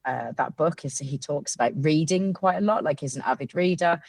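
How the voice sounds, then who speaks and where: A woman's voice: deep voice, normal speed, gravelly, no echo. A woman guest copywriter chatting casually on a podcast, rambling with lots of fillers.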